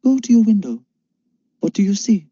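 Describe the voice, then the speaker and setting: A cool, detached mentor with a German accent asks calm, probing questions, played by a man. He speaks higher than the reader's own voice, with a dark, dull tone. The recording is dry and lo-fi. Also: moderate pace, husky, no room sound, exaggerated voice. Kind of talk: audiobook character voice.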